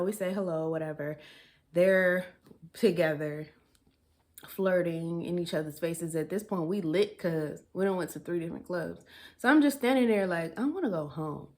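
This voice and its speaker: A young woman telling a personal story in a casual, chatty way, laughing often and using dialect grammar. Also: fairly low pitch. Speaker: storytime vlogger.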